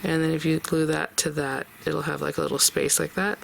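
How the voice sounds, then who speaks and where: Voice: medium pitch, flat delivery, fairly quick, creaky, fairly bright tone, slight background noise. A craft tutorial host talking casually step by step and thinking aloud while working.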